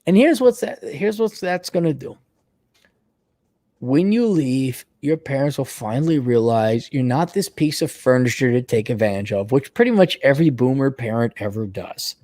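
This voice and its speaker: A blunt, foul-mouthed man dishing out advice in a lively, swooping voice that jumps up and down. The sound is dry and close, with no room in it. He rants with mocking outbursts and drops to low mutters. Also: moderate pace, no room sound. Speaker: advice show host. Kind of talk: profane advice livestream rant.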